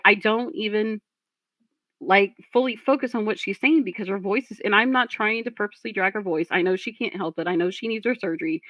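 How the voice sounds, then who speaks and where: A woman's voice: mid-range voice, a bit bright, dry recording. Blunt, swearing woman streamer. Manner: blunt, profane, ranting to chat. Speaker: streamer reacting to a video. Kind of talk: casual reaction commentary.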